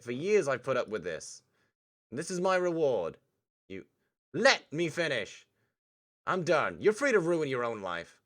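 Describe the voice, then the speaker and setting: A man voicing a fed-up young man who snaps and rants at a friend, shouting. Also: low voice, full character voice. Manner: shouting, ranting.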